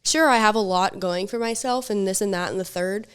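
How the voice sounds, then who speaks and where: A young woman with a smooth, clear voice chats as a podcast host. She talks bluntly, swears freely and tells lively stories. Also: medium pitch, a little fast. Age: young adult. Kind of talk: casual chat.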